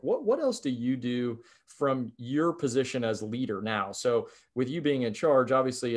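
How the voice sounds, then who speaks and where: A man hosting a podcast, asking his guest a long, slightly halting question. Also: medium pitch, a little mellow. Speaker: podcast host. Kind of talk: interview question.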